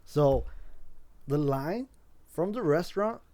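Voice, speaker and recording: A man's voice: a little high, animated, takes it slowly, mellow. A man hosting a casual podcast, telling a rambling story with lots of swearing and restarts. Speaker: podcast host.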